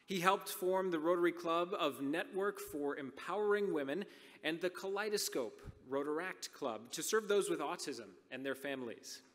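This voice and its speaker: Higher-pitched male emcee, upbeat scripted introduction, long hall reverb. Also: normal speed, fairly bright tone. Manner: upbeat, reads a prepared introduction. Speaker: conference emcee introducing a speaker. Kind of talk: reading a speaker introduction. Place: large conference hall.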